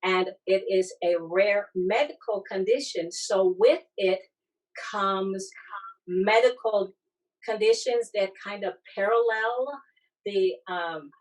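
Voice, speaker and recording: A woman with foreign accent syndrome, speaking haltingly on a church panel as a disability advocate. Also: mid-range voice, far from the mic, low-quality recording. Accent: foreign accent syndrome, accent not from her Southern California origin. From Southern California. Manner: halting, restarts and searches for words. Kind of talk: panel discussion.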